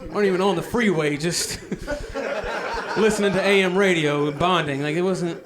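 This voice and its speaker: A man's voice: high-pitched, normal speed, a crowd in the background. A man performing stand-up comedy, telling stories in a loose, conversational way. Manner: loose, conversational storytelling with repetition.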